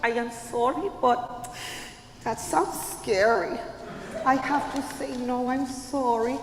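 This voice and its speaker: A woman's voice: on the high side, steady tone, takes it slowly, crowd noise. A woman voicing a flirtatious, picky female cockroach in a live puppet story, performed in an echoey church hall. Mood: apologetic. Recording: echoey hall, faint room noise.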